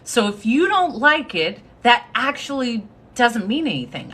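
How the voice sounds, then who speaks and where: A woman's voice: fairly high pitch, very animated, unhurried, hardly any pauses, a bit bright, breathy edge. A woman giving a confident, sassy motivational talk on a live stream, thanking her viewers as she speaks. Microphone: phone.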